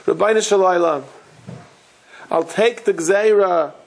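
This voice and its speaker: A man doing a once-wealthy man reduced to begging, his voice pitched up high and strained as he cries out. He sounds like a desperate storybook figure, put on by a lecturer. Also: slow, darkish tone, full character voice, rough recording. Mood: pleading. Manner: pleading cry raised high. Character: ruined rich man turned wandering beggar.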